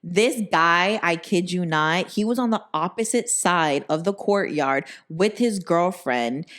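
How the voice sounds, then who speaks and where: Young woman, podcast host, casual storytelling, low voice, animated and profane. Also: clean tone.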